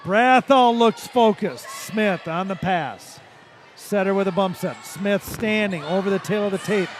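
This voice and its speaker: A man doing play-by-play of a high school volleyball match, calling plays quickly and shouting on big points. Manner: rapid calls that rise to shouts at big plays. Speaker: play-by-play announcer. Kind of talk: volleyball commentary. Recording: loud crowd and gym noise.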